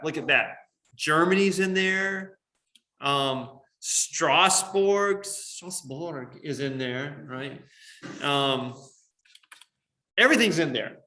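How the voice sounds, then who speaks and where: A man's voice: on the high side, bright, forceful tone. A male computer science teacher explaining a coding demo to his class step by step, with frequent "um" and "right?" checks. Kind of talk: classroom lesson on screen.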